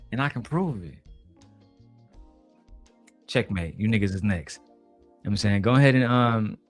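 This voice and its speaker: A man hosting a casual livestream debate, brash and profane, trash-talking his rivals. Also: lowish voice. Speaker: livestream host. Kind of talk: casual debate stream chat.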